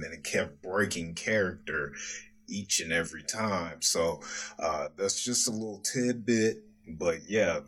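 Very deep-voiced, slow-talking man. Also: fairly bright tone. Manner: unhurried, shares trivia. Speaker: podcast co-host. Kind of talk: casual TV review chat.

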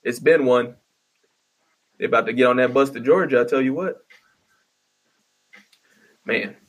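A man's voice: medium pitch, measured pace. A man delivering a profane, exasperated comedic rant with stammering restarts. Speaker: vlogger ranting.

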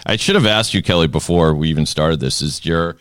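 Brief: middle-aged male host, low voice with a frog in his throat, wisecracking and chatty. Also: brisk, clear, resonant tone, no room sound, studio quality. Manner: jokey, talkative, breaks off mid-phrase. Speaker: podcast host. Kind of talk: casual interview chat.

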